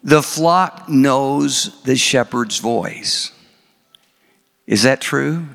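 A man preaching a sermon, asking his congregation questions and reciting scripture slowly. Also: mid-range voice, creaky, fairly bright tone. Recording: long hall reverb.

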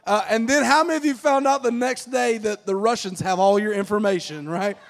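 A man pastor preaching a lively, jokey sermon to his congregation, getting them to repeat phrases back. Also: sits high, fairly quick, gravelly. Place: church auditorium with congregation.

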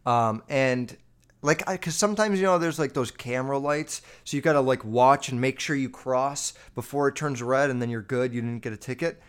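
Smooth and medium-pitched, this man speaks at a normal speed as he tells a story in a loose, casual monologue. His talk is profane and rambling, packed with constant "like" fillers, and he animatedly addresses his listeners head-on.

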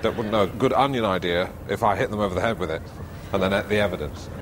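Guy doing a pompous tv host rambling dry asides, lowish voice, noisy tv clip. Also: natural voice. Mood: deadpan musing. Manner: dry rambling asides, slow musing delivery. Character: pompous middle-aged male TV presenter, rambling and self-absorbed. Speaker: TV presenter judging a vegetable show.

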